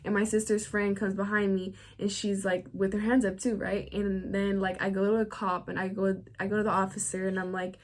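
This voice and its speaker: A woman's voice: medium pitch, flat delivery, fairly quick, hardly any pauses. A young woman vlogger telling a story to camera in a casual, chatty way, full of slang and "like.". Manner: chatty, filler-heavy slang, frequent "like".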